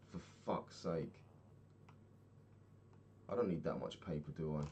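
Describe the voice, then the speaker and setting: A man's voice: very deep voice, unhurried, warm tone, slight background noise. A young man chatting casually in a video diary while playing a game, rambling, swearing freely and laughing often. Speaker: vlogger.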